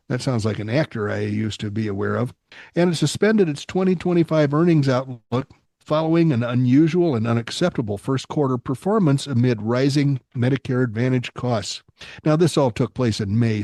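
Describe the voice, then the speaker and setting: A man's voice: mid-range voice, warm tone, no room sound, clean studio sound. An older man hosting a casual podcast, joking wryly and reading news headlines aloud with his own commentary. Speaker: podcast host.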